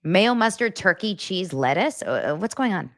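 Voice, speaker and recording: A woman in her thirties hosting a casual livestream, chatty and animated as she reacts to chat comments. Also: fairly low pitch, normal speed, no room sound, studio quality. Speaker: livestream host.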